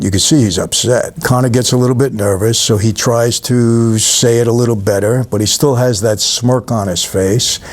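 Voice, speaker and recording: A man's voice: mid-range voice, steady tone, moderate pace, few pauses. A middle-aged man with a New York accent hosting his channel, casually retelling film scenes and speaking straight to his viewers. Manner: conversational storyteller, addresses viewers directly, retells scenes. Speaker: channel host reviewing a film. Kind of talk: casual talk-to-camera film recap.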